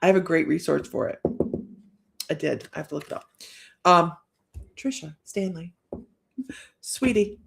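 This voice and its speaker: Giggly woman with a gravelly voice. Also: lowish voice, unhurried, long pauses, background noise. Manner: joking, giggly, laughs often between lines; chatty, with frequent restarts. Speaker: psychic reader hosting a live stream. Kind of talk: casual live-stream chat.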